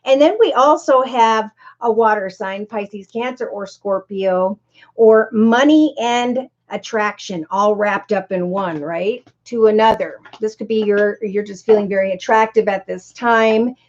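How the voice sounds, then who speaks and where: A woman's voice: medium pitch, a little slow, muffled recording. A middle-aged woman hosting a casual live-stream tarot reading. She chats, greets viewers by name and rambles from point to point.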